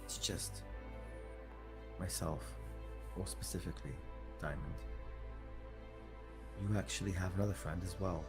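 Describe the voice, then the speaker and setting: Low-voiced man narrating a tabletop scene. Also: steady tone, over music. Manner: descriptive, unhurried narration with fillers. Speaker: player. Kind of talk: actual-play narration.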